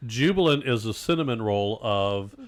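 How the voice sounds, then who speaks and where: A man co-hosting a casual podcast jokes about fancy words and makes fun of pompous speech. His voice is on the low side, expressive, and moderately paced.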